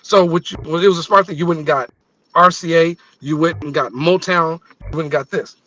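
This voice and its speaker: A man co-hosting a live show over a video call, telling stories in a casual, animated way that often trails off and restarts. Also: fairly high pitch, fairly quick, lo-fi sound. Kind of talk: casual chat.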